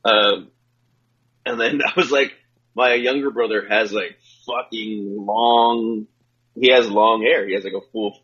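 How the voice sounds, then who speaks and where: A man in his forties co-hosting a podcast, joking and swearing casually in relaxed chat. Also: on the low side, unhurried, slightly rough, lo-fi sound. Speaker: podcast co-host.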